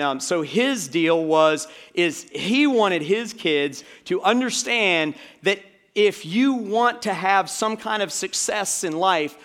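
A man's voice: fairly high pitch, fairly bright tone. A middle-aged man from Georgia preaching a sermon as pastor, in a conversational way with many fillers and asides to the congregation. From Georgia, USA.

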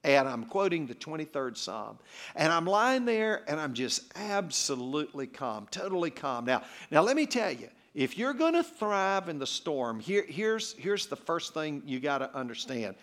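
A man preaching as a guest speaker, telling a personal story with humor in an animated way. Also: fairly high pitch, moderate pace.

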